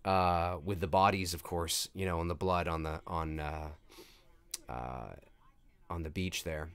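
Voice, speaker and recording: A man hosting a live movie commentary, talking casually and excitedly and swearing freely as he reacts to the film and reads out viewer chat. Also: sits low, unhurried, clear, resonant tone.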